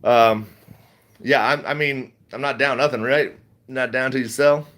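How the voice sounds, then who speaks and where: A man's voice: medium pitch, fairly even intonation, a little slow, fairly bright tone. A middle-aged man chatting casually on a livestream, reading chat, rambling and laughing often.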